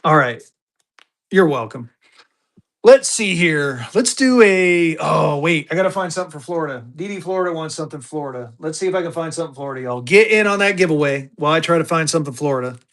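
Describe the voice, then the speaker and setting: A man runs a live online sale in easy, rambling chatter. His voice sits a touch higher than usual for a man. He talks his way through what he is doing and keeps calling out to viewers as y'all. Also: lively intonation, a little fast, fairly bright tone. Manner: chatty, thinks aloud, calls viewers y'all. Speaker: livestream auction seller.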